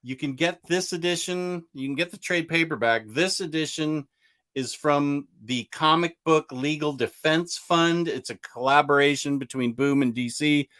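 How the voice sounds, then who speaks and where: Male comic book host, slightly high voice, eager and rambling, casual live chat. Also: moderate pace, a bit bright. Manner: enthusiastic, rambling, reading out viewer comments.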